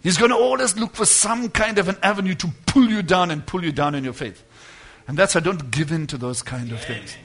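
A man preaching to his congregation in a high, bright voice. He drives his points home with loud declarations, then drops into quiet asides. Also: brisk, breathy edge. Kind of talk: sermon.

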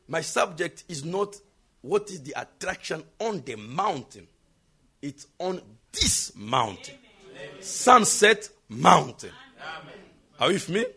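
A man from South Africa preaching a sermon, asking the congregation questions and building up to shouts. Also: high voice.

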